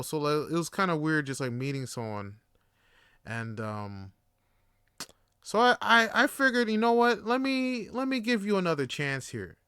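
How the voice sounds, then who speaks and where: Young male podcaster, bright and smooth voice, rambling casual storytelling, very dry sound. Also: on the high side, no echo. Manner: rambling, filler-heavy, animated. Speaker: podcast host.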